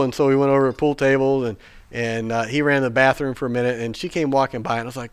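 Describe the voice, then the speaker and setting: A man's voice: mid-range voice, steady tone, a little fast, smooth. Rambling male preacher telling a story. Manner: chatty and rambling with fillers and restarts; grows hushed and earnest when preaching. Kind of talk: sermon storytelling.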